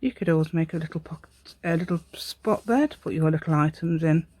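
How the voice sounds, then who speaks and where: A woman's voice: sits low, brisk, darkish tone, no echo. Chatty woman, dry close sound. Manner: chatty, rambling, self-deprecating with frequent laughs. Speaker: crafting channel host. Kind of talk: casual craft tutorial chat.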